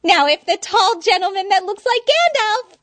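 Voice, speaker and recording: A woman voicing a bubbly, unhinged young female villain with a squeaky, singsong, showy delivery. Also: animated, normal speed, fairly bright tone, no echo. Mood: manic showy.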